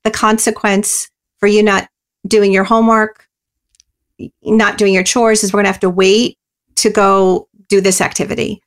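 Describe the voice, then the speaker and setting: A woman in a mid-range voice gives earnest parenting explanations as an interview guest. She talks in loose runs, filling pauses with small hesitations. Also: mid-range voice, flat delivery. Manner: earnest and explanatory, many you-knows and ums. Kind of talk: interview answers.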